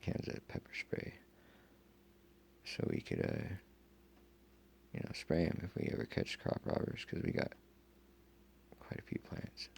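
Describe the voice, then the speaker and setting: A man telling a long personal story in a rambling, profane, casual way, full of fillers, with a gravelly, husky voice. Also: a bass voice, sing-song, unhurried, long pauses, slight background noise. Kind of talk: casual first-person account.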